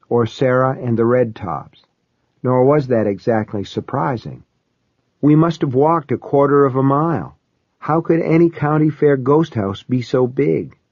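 A man reading a first-person story aloud as an audiobook narrator, in a steady, measured storytelling manner. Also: medium pitch, dry recording. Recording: dull, slightly lo-fi dry recording.

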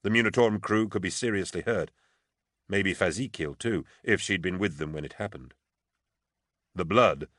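Deep male narrator, measured, dry studio read. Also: fairly bright tone, no room sound. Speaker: audiobook narrator. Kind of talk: scripted narration.

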